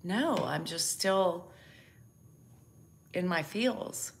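A woman's voice: lowish voice, expressive, very slow, gravelly. A middle-aged woman co-hosting a casual livestream, reading out and answering viewer comments. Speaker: livestream co-host.

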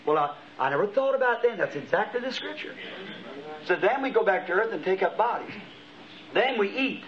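A man's voice: sits high, lively intonation, brisk. A middle-aged man preaching a sermon, telling a vision as a story with impassioned rising exclamations. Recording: dull lo-fi archival tape.

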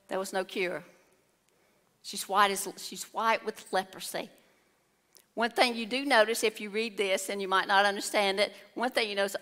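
A woman's voice: mid-range voice, fairly bright tone. A woman preaching a sermon, telling the story with exclamations and acted-out voices. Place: church hall. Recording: long hall reverb.

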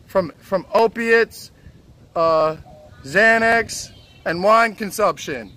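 A man's voice: sits high, slow pace. A young man livestreaming outdoors on a city street, brash and crude as he teases strangers. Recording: loud street and traffic noise.

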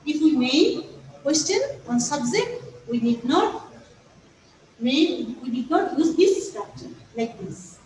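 Slow, patient woman teacher with a Bangladeshi accent. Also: high voice, very animated, a little mellow, slight background noise. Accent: Bangladeshi English. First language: Bengali. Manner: patient, repeats and explains step by step. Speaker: English teacher. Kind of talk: classroom grammar lesson. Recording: echoey room, voice far from the mic.

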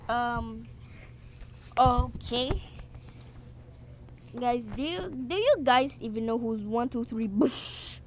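A woman's voice: a little high, animated, takes it slowly, long pauses, slight background noise. A woman commentating her game play in a playful way, repeating lines and yelping out now and then. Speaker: gaming channel host.

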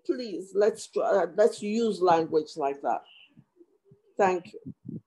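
A woman's voice: lowish voice, expressive, slow pace, warm tone, low-quality recording. A woman commissioner speaking at a formal hearing over a video call, impassioned and emotional, with many restarts.

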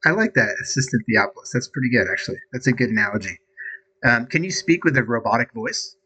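Husky-voiced man chatting hesitantly. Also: medium pitch, lively intonation, quick pace, pushed and bright, rough recording. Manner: hesitant, lots of ums and restarts, curious. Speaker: user testing an AI voice app. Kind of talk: casual chat.

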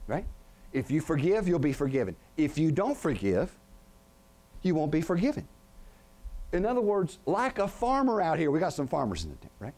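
A middle-aged man preaches to a congregation in a tent, his voice sitting a little high. He keeps asking "what?" so the crowd fills in the end of his sentences. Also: big pitch swings, normal speed, darkish tone. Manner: call-and-response questions to the congregation. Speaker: pastor. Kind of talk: sermon.

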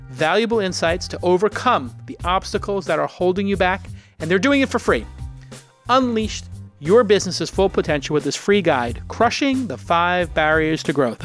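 Male host, lively and salesy, a bit high-pitched, faint music under him. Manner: energetic, jokey, salesy. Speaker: podcast host. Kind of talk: casual chat and host-read ad.

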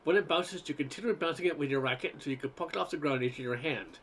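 A man's voice: a little high, expressive, fast, a bit bright, slight background noise. A man voicing an impatient grown son who lectures his mother on tennis in a read-aloud story. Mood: lecturing.

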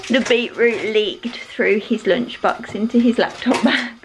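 A woman's voice: on the high side, slow, noisy background. A woman, chatting to the camera at home while doing chores. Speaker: vlogger, mother. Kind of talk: casual vlog chat. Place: family home.

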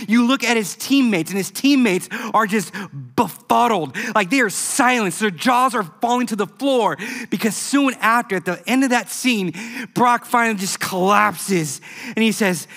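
A man preaching a youth sermon, telling a story in an animated, emphatic way. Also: extremely high pitch, moderate pace. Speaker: youth pastor. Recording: echoey hall.

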